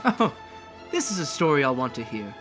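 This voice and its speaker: A man's voice: mid-range voice, big pitch swings, over music, close to an everyday voice. A man voicing a powerful, bemused stranger in a tabletop game who speaks in an easy, courteous way. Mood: amused. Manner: unhurried, amused, courteous.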